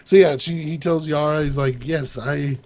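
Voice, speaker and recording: A man's voice: a little high, fairly even intonation, moderate pace, a little mellow. A man talking casually as a show host, loosely retelling a TV episode in his own words, rambling and laughing along the way. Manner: rambling recap with laughs, quoting characters loosely. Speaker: podcast co-host recapping TV. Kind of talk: casual chat.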